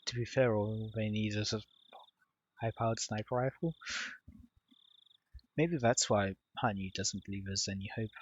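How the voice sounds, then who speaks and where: A man hosting a let's play, reading the game's text aloud and adding relaxed, wry commentary. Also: fairly low pitch, moderate pace, pauses often, slightly rough, muffled recording.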